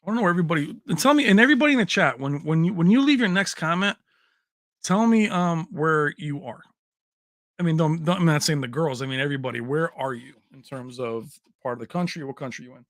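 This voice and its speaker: A man's voice: on the high side, animated, fast talker, no room sound, studio quality. A man hosting a casual tech livestream, chatting with viewers, answering their comments and laughing often.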